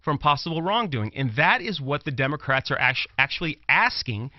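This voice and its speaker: Speaking a bit fast in a sing-song, higher-than-average voice, a man from Brooklyn, New York pushes his political commentary with emphatic repetition. He's a former prosecutor working as a talk show commentator; the audio is dry, dull and lo-fi.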